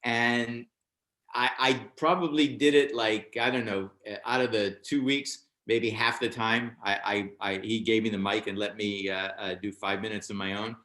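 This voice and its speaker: An older American man recounts his early comedy days in a relaxed interview. He talks in an animated way, his pitch leaping up whenever he quotes someone else. The sound carries a roomy echo. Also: normal speed. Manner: animated, acts out other people's lines with raised voice. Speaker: stand-up comedian guest. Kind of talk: storytelling anecdote in a casual interview.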